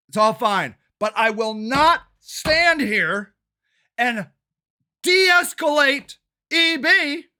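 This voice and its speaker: Loud, angry older man ranting. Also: extremely high pitch. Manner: shouting, swearing, fast and agitated. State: angry and worked up. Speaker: local activist and city council candidate.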